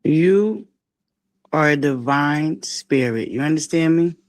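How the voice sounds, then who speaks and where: A man's voice: on the high side, animated, slow, no echo. Earnest man giving heartfelt praise. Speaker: livestream guest. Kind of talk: encouraging livestream talk.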